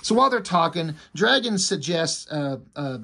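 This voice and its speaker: Husky guy, kinda high voice, geeking out over comic art, swears a lot, lots of um and like. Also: very animated, normal speed, pushed and bright. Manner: enthusiastic, swears freely, frequent fillers. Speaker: comic book reviewer. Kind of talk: casual comic review, reading quoted dialogue.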